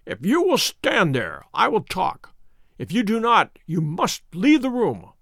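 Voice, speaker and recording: A gravely ill detective with a weak, croaking voice, gasping between short orders, as a man puts him on. His commands are sharp and imperious, and he sounds feverish and weary. The recording is close and dry, with no room sound. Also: a little high, very animated, moderate pace, dry recording. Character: gaunt feverish sick male detective, imperious.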